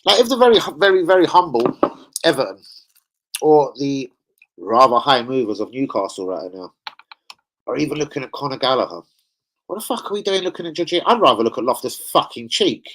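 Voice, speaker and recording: A man's voice: mid-range voice, lively intonation, brisk, a bit bright, low-quality recording. A man hosting a football fan live stream, swearing heavily and bantering with slang as he reads the chat. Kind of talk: casual live-stream rant reading chat.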